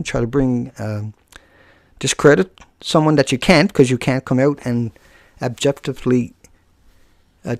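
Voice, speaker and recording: A man with a gravelly, creaky voice talks straight at his viewers on an unscripted live stream. He goes after a commenter with scorn and taunts. The sound is dry and close, with no room echo. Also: mid-range voice. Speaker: live streamer answering chat.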